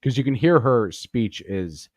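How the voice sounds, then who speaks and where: A man's voice: medium pitch, lively intonation, measured pace, no echo, studio quality. A man hosting a comedy podcast, telling a crude story in a profane, rambling way and laughing at his own jokes. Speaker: podcast host.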